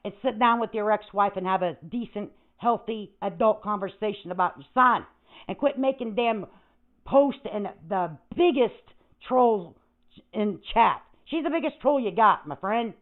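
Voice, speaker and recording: A woman's voice: medium pitch, lively intonation, normal speed. An older woman hosts a livestream in a brash, foul-mouthed, rambling rant. Her voice comes through thin and phone-like, with static crackling in the audio. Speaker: livestream host.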